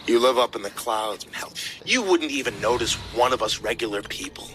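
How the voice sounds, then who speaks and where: A man voicing a bitter gunman who rasps out sneering contempt. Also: medium pitch, lively intonation, fairly quick, noisy background, lightly acted.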